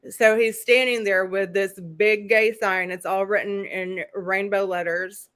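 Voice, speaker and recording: A woman's voice: mid-range voice, steady tone, a little slow, a bit bright, clear, resonant tone. Female host, casual live-stream recap, chatty and rambling, laughing asides.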